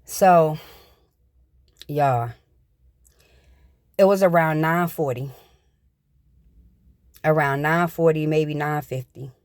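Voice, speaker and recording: A woman's voice: sits low, slow pace, pauses often, darkish tone, no room sound, studio quality. A middle-aged woman vlogger telling her viewers a personal story in plain, repetitive, casual everyday speech.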